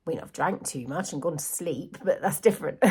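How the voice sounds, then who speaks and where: Chatty middle-aged woman, lowish voice. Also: normal speed, husky. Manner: rambling, animated, laughs often. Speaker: vlogger. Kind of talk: casual chatty storytelling to camera.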